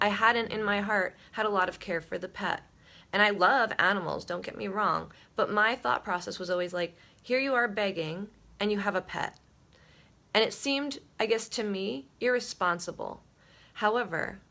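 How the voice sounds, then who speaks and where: A woman in her thirties, just out of bed, talks to her viewers in a croaky, gravelly morning voice. She rambles candidly and reflectively, in a casual livestream chat, at a middling pitch. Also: sharp tone. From Buffalo, New York. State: just woken up, groggy morning voice. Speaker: vlogger.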